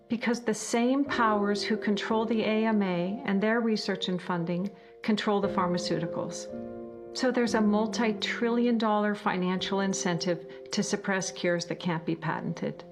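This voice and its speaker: A woman giving earnest, heartfelt personal documentary narration. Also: mid-range voice. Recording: voice-over with music underneath.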